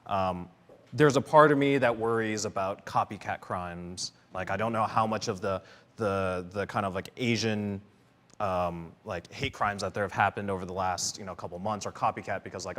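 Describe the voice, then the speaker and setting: A man's voice: sits low, steady tone, moderate pace, a bit bright. A man speaking as a panelist in an earnest, searching way, with many fillers, restarts and "right?" tags. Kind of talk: panel discussion talk. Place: church hall. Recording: long hall reverb.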